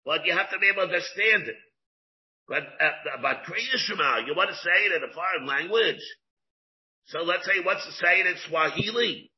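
A rabbi teaches a Talmud lesson in a high-pitched, animated voice at normal speed, blending English with Hebrew and Aramaic study terms. He restates each point he makes. The recording sounds dull and lo-fi.

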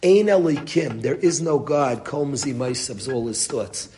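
A man's voice: mid-range voice, lively intonation, moderate pace, darkish tone, slight background noise. A man giving a Torah lecture to a group, speaking earnestly and mixing Hebrew and Yiddish words into his English. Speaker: rabbi teaching a Torah class.

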